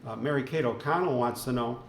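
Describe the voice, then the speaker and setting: Seated at the piano, a man hosts a live lounge show, chatting casually over a live stream in a mid-range voice at a quick pace. He jokes around and laughs easily, and the echoey room carries faint piano music along with slight background noise.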